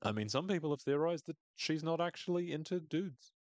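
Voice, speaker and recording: A man's voice: a little high, expressive, no room sound. A man hosting a podcast, casually recapping a TV episode in a chatty, wry way. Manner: chatty, wry, acts out characters' lines in quick voices. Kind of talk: casual chat.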